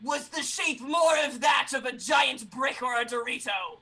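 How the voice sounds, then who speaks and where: Woman doing shouty, pompous investigator Titanium. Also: high voice, a little slow, slight background noise. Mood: stern shouting. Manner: shouted, overly formal, pompous questioning. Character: stiff, loud, formal female investigator Titanium.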